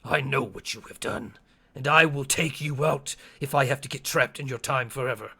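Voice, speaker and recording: A man's voice: medium pitch, moderate pace, vocal fry, bright, forceful tone, husky, heavily acted. A man voicing a scarred, menacing male triceratops warrior in a tabletop game, speaking with threat and intensity.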